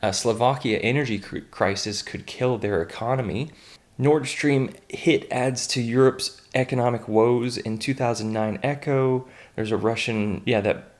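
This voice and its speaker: A man's voice: medium pitch, unhurried. A young American man hosting a daily online news roundup, reading headlines in a casual way and breaking in with blunt, offhand comments, fillers and restarts. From United States. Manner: reads headlines then adds blunt, offhand asides with frequent fillers and restarts.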